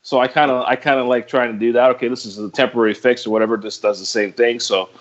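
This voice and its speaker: A man on a casual podcast, talking in a relaxed, practical way with plenty of fillers. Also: mid-range voice, fast, muffled recording. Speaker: podcast co-host.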